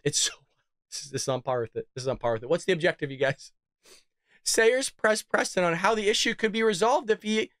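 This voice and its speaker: A man's voice: sits high, a bit bright, no room sound. Man, show host, sarcastic, incredulous, talks to viewers, dry close sound. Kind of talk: reaction commentary on a news story.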